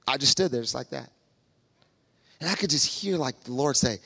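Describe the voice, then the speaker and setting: A man preaching with comic stories, acting out each voice and stammering when he gets excited. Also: a little high, brisk, creaky, long pauses, no room sound. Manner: animated, acts out every voice in his stories. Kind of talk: comic storytelling sermon.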